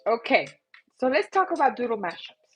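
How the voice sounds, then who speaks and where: A woman's voice: a little high, very animated, a little fast, husky, faint music behind, low-quality recording. A woman hosting a casual livestream, chatty and self-mocking as she talks through an itchy, coughing throat. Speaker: livestream host and app creator.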